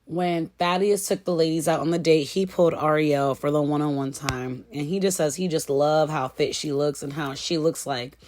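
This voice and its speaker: A woman with a notably low voice gives a casual reality-show recap straight to her viewers. She talks in a loose, chatty way, full of asides and friendly calls of girl and y'all. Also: fairly even intonation, normal speed, few pauses, a little mellow, a little hiss or hum.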